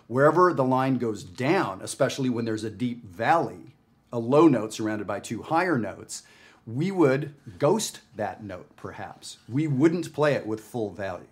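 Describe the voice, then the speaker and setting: A man from Canada talks through a jazz lesson to camera. He speaks in a conversational way, stressing his points and checking in with the viewer. His voice sits at a middling pitch. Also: animated, measured pace. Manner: conversational, emphatic, frequent "right?". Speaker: jazz music teacher. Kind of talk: casual video lesson. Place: home studio with his dog.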